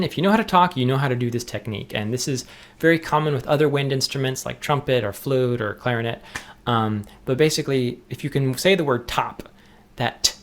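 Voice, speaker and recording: A young adult man teaching jaw harp technique in a relaxed, explanatory way, often restarting his sentences. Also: mid-range voice. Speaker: music teacher. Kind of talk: instructional tutorial.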